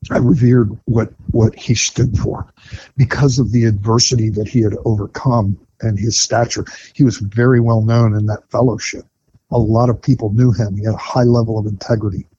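A man's voice: on the low side, flat delivery, moderate pace, warm tone. A middle-aged man and retired firefighter, frankly telling his own recovery story in conversation, with many fillers and restarts. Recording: dull lo-fi podcast audio with faint noise.

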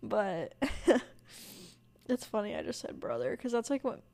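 A woman's voice: a little high, steady tone, fast talker, gravelly, warm tone. A young woman with a Southern US accent, hosting a podcast and chatting casually, rambling with lots of "like" and "um". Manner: rambling, filler-heavy, self-deprecating. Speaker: podcast host. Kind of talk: casual solo podcast chat.

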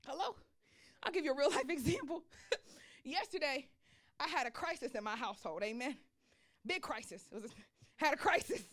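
A woman pastor preaching a sermon, telling a personal story in an animated way and calling out for response. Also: high-pitched, normal speed, long pauses.

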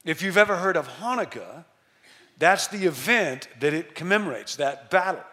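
A middle-aged male pastor tells a story during his sermon, speaking with emphasis and slowing down to stress key words. His pitch is fairly high, his intonation lively and his tone sharp.

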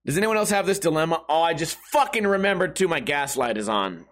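A man hosting his own podcast, hoarse and with a failing voice, grumbling and cursing his way through a casual rant. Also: on the high side, lively intonation, quick pace, fairly bright tone. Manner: profane, grumbling, self-deprecating. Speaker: podcast host.

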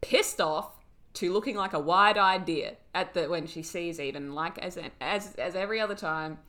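A woman co-hosts a podcast in casual chat, telling the story in a rambling, animated way. Her voice sits a little low but has a bright, forceful edge. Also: moderate pace. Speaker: podcast co-host. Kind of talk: casual chat recapping a TV episode.

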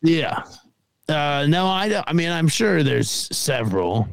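A man co-hosting a podcast, chatting in a laid-back, hesitant way with many pauses and ums. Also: fairly high pitch, very animated, vocal fry, no room sound. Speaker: podcast co-host. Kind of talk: casual chat.

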